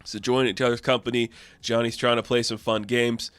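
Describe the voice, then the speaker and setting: A man casually recapping a comic book issue, chatty and excitable, with lots of fillers and laughs. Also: medium pitch, a little fast, smooth, no room sound, soft background music.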